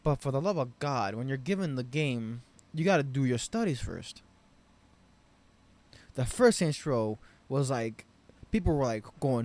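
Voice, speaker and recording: Male vlogger, mid-pitched, ranting off the cuff about a game, profane and exasperated. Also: expressive, a little slow. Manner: profane, rambling, frustrated ranting with loud bursts. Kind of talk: unscripted game review rant.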